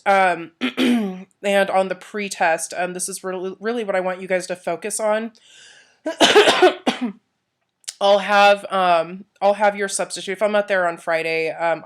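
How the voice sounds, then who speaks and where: A young woman teacher giving a recorded review for a Spanish test, relaxed, with many "um" fillers, repeating key points and saying Spanish words with a Castilian accent. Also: on the low side. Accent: Castilian Spanish when speaking Spanish.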